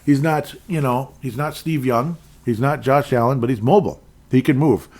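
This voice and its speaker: A man's voice: medium pitch, normal speed, a little mellow. A man from Minnesota hosting a podcast, rambling through casual sports talk, going off on tangents, and speaking his mind bluntly. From Minnesota, USA. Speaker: podcast host.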